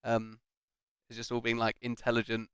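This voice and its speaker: A man's voice: mid-range voice, monotone, normal speed, clear, resonant tone, dry recording. A young man co-hosting a casual film chat, rambling and joking with frequent laughs. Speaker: co-host.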